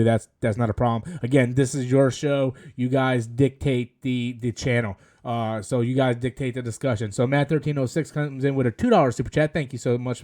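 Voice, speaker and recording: A man's voice: mid-range voice, a little mellow. A man in his thirties hosting a live stream, chatting casually and rambling as he reads viewer messages. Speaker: host.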